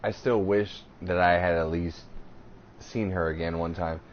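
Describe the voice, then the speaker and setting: A man's voice: sits low, fairly even intonation, unhurried. A man in his thirties co-hosting a podcast, telling a crude, rambling story in casual chat. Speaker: podcast co-host. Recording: slightly dull podcast audio with faint hiss.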